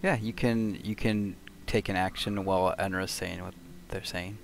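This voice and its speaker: A man runs a tabletop game, narrating the scene in a deep, flat voice. He talks casually and halts often, with a faint hiss behind him. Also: vocal fry. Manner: casual and halting, with fillers. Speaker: game master.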